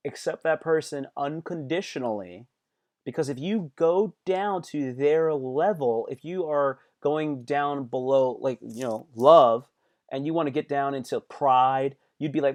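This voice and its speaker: A man's voice: fairly high pitch, darkish tone. A man hosting a live stream, giving casual motivational talk in slangy speech that repeats phrases and acts out angry outbursts.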